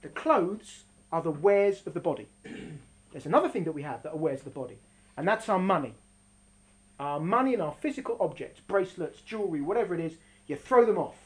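A woman gives an animated religious talk and acts out the characters as she tells the story. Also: on the low side, brisk, poor audio. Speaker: religious teacher.

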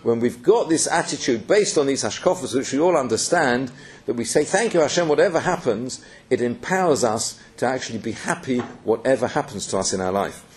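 A man's voice: mid-range voice, animated, brisk. A man giving an earnest Torah lecture, telling stories and mixing in yeshiva terms. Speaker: Torah teacher.

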